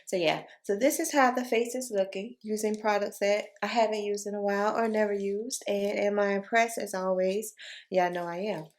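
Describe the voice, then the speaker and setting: A woman chatting casually through a makeup tutorial, speaking low in her morning voice and calling her viewers y'all. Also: steady tone, normal speed. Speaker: beauty vlogger.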